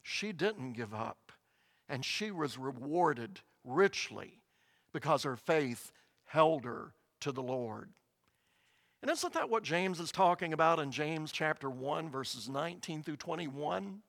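A male preacher with a high, bright voice gives an earnest sermon, leaning hard on key words. The sound is close and dry, with no room echo. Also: expressive, slow pace, gravelly. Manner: earnest, emphatic, voice rising on quoted lines.

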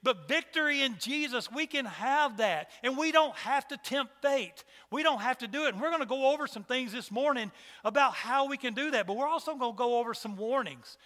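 A man's voice: very high voice, animated, fairly quick, hardly any pauses, pushed and bright, long reverb tail. A man preaching a sermon to a church congregation, emphatic and repeating his rhetorical questions. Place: church hall.

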